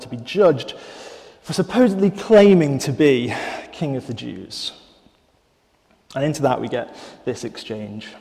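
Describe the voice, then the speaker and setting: A man's voice: mid-range voice, warm tone. Thoughtful male preacher in a reverberant church. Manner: thoughtful, measured, with fillers and restarts. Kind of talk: sermon.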